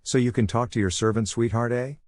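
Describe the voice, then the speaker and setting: A man's voice: mid-range voice, fairly even intonation, brisk, a little mellow, no echo, lightly acted. A man reading the lines of a lecherous, teasing older male ninja mentor in a fan fiction reading.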